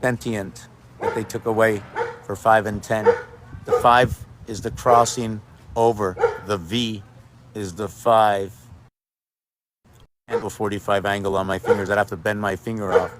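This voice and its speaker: Man on his own video, rambling, free-associating, voice on the low side. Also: little pitch movement, unhurried, long pauses, heavy background noise. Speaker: video maker. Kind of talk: rambling monologue. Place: outdoors with dogs.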